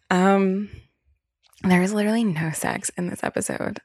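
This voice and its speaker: A woman's voice: medium pitch, a little fast, darkish tone, dry recording, studio quality. A young adult woman hosting a solo podcast, talking candidly and casually with lots of fillers and the odd swear word. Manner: candid, chatty, swears freely, many fillers. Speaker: podcast host.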